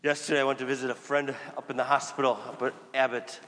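A man's voice: medium pitch, little pitch movement, fast talker, a bit bright. A male Catholic priest preaching a sermon, telling a story conversationally and voicing the people in it. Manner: storytelling with voiced quotes, conversational. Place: church. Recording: long church reverb.

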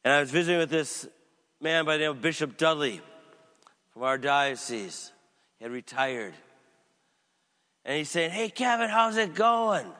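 A man's voice: moderate pace, pauses often. Man preaching in an echoing church. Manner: storytelling, swings from loud emphatic to quiet and low. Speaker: pastor. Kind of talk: sermon.

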